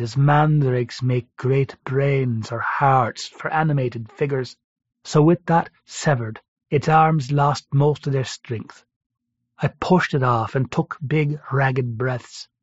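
A man reading a first-person story aloud in a steady, measured way. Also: medium pitch, no room sound. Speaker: narrator. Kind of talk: first-person audiobook narration. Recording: dry, slightly dull recording.

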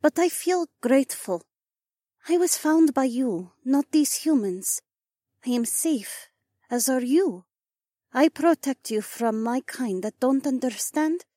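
A naive female alien with a high, strange-sounding voice, put on by a man reading an audiobook. She speaks slowly in formal, literal sentences. The recording is dry and close. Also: lively intonation, dark tone, no room sound, exaggerated voice. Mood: grateful. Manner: halting, formal, literal speech. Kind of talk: audiobook character voice.

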